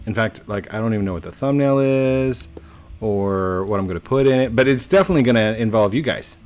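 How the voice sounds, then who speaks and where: A man's voice: lowish voice, lively intonation, fairly quick, a little mellow, faint music behind. A young man chatting playfully while playing a building game, laughing often and talking to his viewers. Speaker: gaming YouTuber. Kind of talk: casual gameplay commentary.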